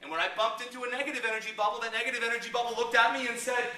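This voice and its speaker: A middle-aged man speaking at a seminar, lively and acting out little scenes as he makes his points. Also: very high voice, rapid-fire. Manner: animated, acts out little scenes in raised voices. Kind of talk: motivational seminar talk. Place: seminar room. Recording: echoey room, mic from a distance.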